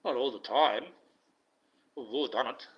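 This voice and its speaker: A man's voice: mid-range voice, measured pace. A man, a self-styled online preacher, delivering a blunt, profane, indignant rant. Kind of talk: ranting monologue. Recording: dull lo-fi recording.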